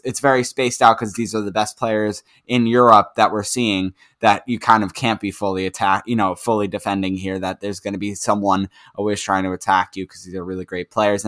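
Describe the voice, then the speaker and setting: Casting: male podcast co-host, lowish voice, loose rambling football chat. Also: fairly bright tone. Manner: rambling, filler-heavy recap. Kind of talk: casual sports chat.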